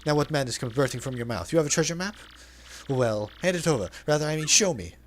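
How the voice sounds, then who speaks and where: A man's voice: fairly high pitch, expressive, fast, slight background noise, natural voice. Man hamming up Flavio, a pompous trader. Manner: grandiose, theatrical, overly formal phrasing. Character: flamboyant dramatic male trader-sailor, pompous and greedy. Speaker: let's play dubber.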